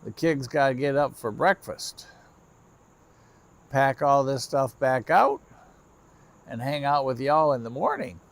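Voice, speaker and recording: A man's voice: medium pitch, lively intonation, unhurried, gravelly, pauses often. A tired middle-aged man, chatting casually to viewers of his trackside livestream at night. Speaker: railfan livestream host. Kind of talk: casual live-stream chat to viewers. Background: crickets and insects chirping.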